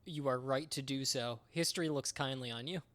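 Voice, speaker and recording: A man's voice: medium pitch, fairly quick, a bit bright, no room sound. A man in casual chat, laid back and trading dry quips. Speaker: podcast co-host.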